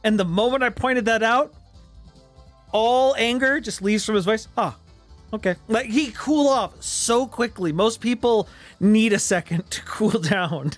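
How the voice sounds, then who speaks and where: A man with a fairly high voice tells a long anecdote to his stream audience. He talks casually and animatedly, slipping into quoted voices. Soft music plays faintly underneath. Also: unhurried. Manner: animated storyteller, voices the people in his tale. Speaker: streamer host.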